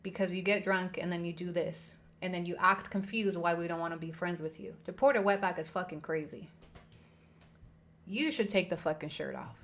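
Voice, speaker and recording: A woman's voice: fairly low pitch, normal speed, a bit bright. Woman host, livestream commentary, indignant, profane, repetitive emphasis. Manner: heated, indignant, swearing; repeats herself for emphasis.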